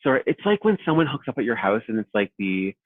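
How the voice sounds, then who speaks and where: A man in his thirties, a podcast guest, chatting casually and telling stories with lively acted-out quotes. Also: mid-range voice, fast talker, slightly rough, no echo. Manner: animated storyteller, acts out quoted voices. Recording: tinny phone-like line, dry.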